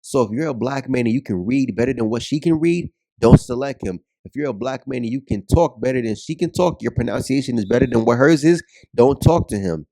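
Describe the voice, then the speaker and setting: A man ranting on camera in a blunt, profane, repetitive way. His voice is mellow and dark-toned, recorded dry and close with no room sound. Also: medium pitch, lively intonation, fairly quick, hardly any pauses, no echo. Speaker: commentator. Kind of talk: ranting video commentary.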